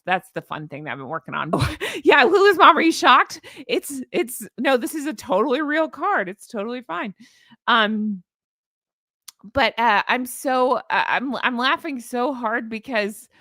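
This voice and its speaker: A woman's voice: on the high side, a bit bright, dry recording, clean studio sound. A woman hosting her own channel, chatting sarcastically and laughing often as she shows viewers her joke pictures. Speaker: host. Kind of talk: casual commentary vlog.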